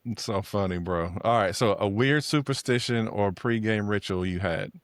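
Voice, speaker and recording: A man's voice: fairly low pitch, moderate pace, no echo. Give me an easygoing male host asking questions in a close, dry recording. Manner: easygoing, asks questions, lots of mm-hmms. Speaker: podcast host. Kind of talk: casual chat.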